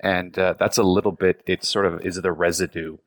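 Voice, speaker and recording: A man's voice: low-pitched, level tone, brisk, dry recording, clean studio sound. A man in casual chat, blunt and ranting, with many fillers and restarts.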